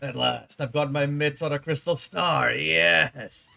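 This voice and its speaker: Man doing a gloating, hot-tempered game villain king; bright, bellowing, faint music behind. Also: a little high, slow pace, vocal fry, full character voice. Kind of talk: reading game dialogue aloud in character.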